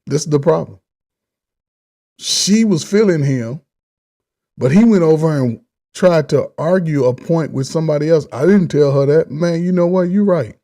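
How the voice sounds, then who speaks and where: A man giving blunt, animated reaction commentary on a dating show clip, talking in casual slang. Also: on the high side, normal speed.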